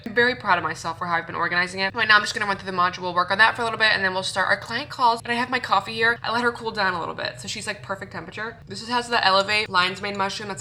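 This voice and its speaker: Bubbly bright-voiced young woman vlogging. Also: mid-range voice, fast talker, slight background noise. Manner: chatty and bubbly, rambling asides. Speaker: fitness coach and vlogger. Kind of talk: casual day-in-the-life vlog.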